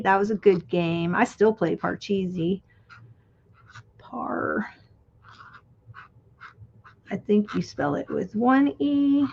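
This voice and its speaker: Slow-talking chatty woman, lo-fi stream. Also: on the high side. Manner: chatty and reminiscing, trails off while working. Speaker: crafting livestream host. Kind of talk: casual chat while crafting. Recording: dull lo-fi stream audio.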